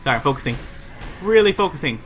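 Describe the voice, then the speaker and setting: A man's voice: on the high side, sing-song, fast talker, faint music behind. A man livestreaming a video game, giving rambling play-by-play commentary to himself and his chat. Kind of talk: live gameplay commentary.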